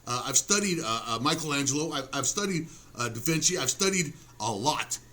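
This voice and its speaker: A man's voice: mid-range voice, expressive, fairly quick, bright, forceful tone. A man ranting casually to camera, profane, sarcastic and self-mocking, with frequent restarts. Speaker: vlogger. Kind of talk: rambling casual rant to camera.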